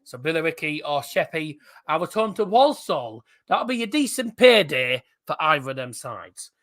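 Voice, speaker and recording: A man's voice: fairly high pitch, sing-song, moderate pace, fairly bright tone. A man hosting a live stream, calling out cup draw fixtures and chatting with viewers in the live chat. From England.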